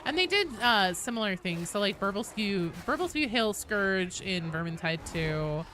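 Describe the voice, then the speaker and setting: A woman's voice: medium pitch, sing-song, normal speed, a bit bright, a little hiss or hum. A woman streaming a game, chatting casually and answering viewers' messages while she plays. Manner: chatty, reads and answers chat while playing. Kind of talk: casual live-stream chat.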